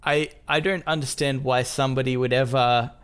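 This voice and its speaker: A man's voice: mid-range voice, steady tone, moderate pace, fairly bright tone, smooth. A man co-hosting a podcast in casual chat, rambling and poking fun at himself as he laughs. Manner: rambling, self-mocking, laughs often. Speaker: podcast co-host.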